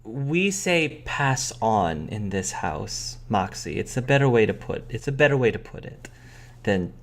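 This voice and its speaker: Gentle mother of two, put on by a man, calm and careful. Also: lowish voice, unhurried.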